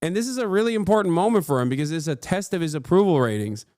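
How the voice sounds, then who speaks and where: Man streaming from home, high voice, dry close sound, profane ranting commentary. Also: fast talker, no room sound. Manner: profane, excitable, ranting, mocking. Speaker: streamer reacting to news. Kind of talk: casual livestream commentary.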